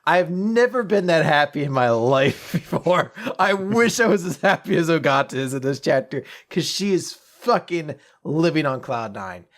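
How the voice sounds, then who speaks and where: Dude chatting about comics, voice swings up and down a lot, swears casually. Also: male voice, on the high side, normal speed, few pauses. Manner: animated, swears, jumps into quoted voices. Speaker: podcast host. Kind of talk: casual chat recapping comics.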